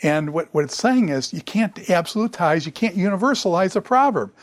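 Guy lecturing on the bible, kinda high voice, lively, dry close sound. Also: a little fast, no echo. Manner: animated, sarcastic asides, chuckles.

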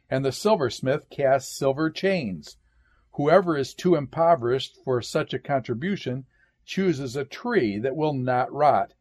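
Male lecturer, measured classroom delivery, steady reading of quoted passages. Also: medium pitch. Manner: measured, reads quotations aloud, says "quote" and "end quote".

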